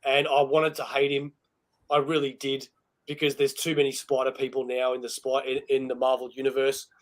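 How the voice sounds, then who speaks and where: An Australian man co-hosting a casual live chat, excitable and rambling, often laughing at himself. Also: medium pitch, a little fast. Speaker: podcast co-host.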